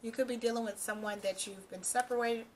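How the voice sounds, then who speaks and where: A woman's voice: on the high side, fairly even intonation, a little fast, a little hiss or hum. A woman doing a casual tarot reading for her channel, talking straight to the viewer and reassuring them, often checking in with "okay" and "all right". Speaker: tarot reader.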